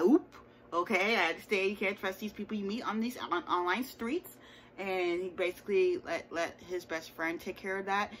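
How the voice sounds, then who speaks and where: A woman's voice: on the low side, fairly bright tone, slight background noise, rough recording. A woman hosting her own channel, recapping a reality show episode in a chatty, sassy way with playful asides. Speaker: TV show reviewer. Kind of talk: casual recap chat.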